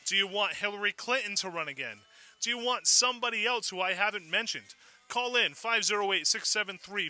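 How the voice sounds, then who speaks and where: A man hosting a call-in talk radio show, energetic and conversational, posing questions to listeners. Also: high voice, no room sound, low-quality recording.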